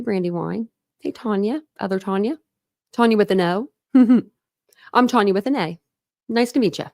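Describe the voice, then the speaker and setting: A woman hosting a livestream, chatting casually and greeting her viewers one by one, warm and grateful toward them. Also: mid-range voice, gravelly, dry recording, clean studio sound. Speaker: livestream host. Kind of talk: casual live chat with viewers.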